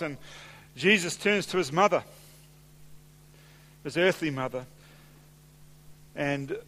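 Male pastor, sermon, measured preaching, fairly high voice, long hall reverb. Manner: measured preaching, slowing and softening for scripture quotes.

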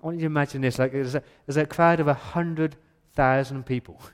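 A man's voice: on the high side, steady tone, fairly quick. A male pastor preaching an earnest, emphatic sermon in a church, often repeating words as he builds his point.

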